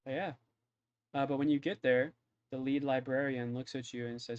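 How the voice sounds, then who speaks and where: A man's voice: mid-range voice, fairly even intonation, moderate pace, a little mellow. A man running a tabletop game as game master, narrating casually with lots of ums and likes. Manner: casual, filler-heavy narration. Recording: dull dry lo-fi mic.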